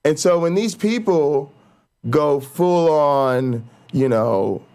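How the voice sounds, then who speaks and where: Vlogger guy, swears a ton, fast ranty talk, kinda high voice. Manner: animated, profane, says "right?" a lot. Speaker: YouTube host. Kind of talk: casual profane rant.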